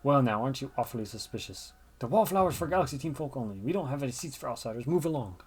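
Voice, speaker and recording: A man voicing a gruff canteen keeper who curtly turns away an outsider. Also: mid-range voice, expressive, quick pace. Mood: suspicious. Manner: curt, dismissive.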